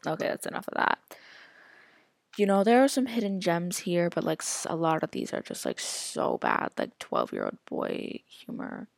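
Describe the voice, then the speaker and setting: Woman, podcast host: rambling casual chatter, lowish gravelly voice with a lot of lift. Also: wildly swooping pitch, moderate pace, dry recording, faint music behind. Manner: rambling, chatty, heavy use of filler "like"; reacts aloud while scrolling an app. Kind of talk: casual solo podcast chat.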